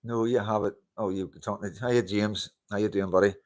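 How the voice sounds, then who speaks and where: A man chats live to his viewers through a handheld mic, low in pitch. He greets people by name, laughs easily and throws in the odd curse, loose and unscripted. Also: fairly even intonation, moderate pace. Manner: chatty, greets viewers, laughs often, swears casually. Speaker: livestream host. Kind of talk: casual live-stream chat. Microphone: handheld wireless mic.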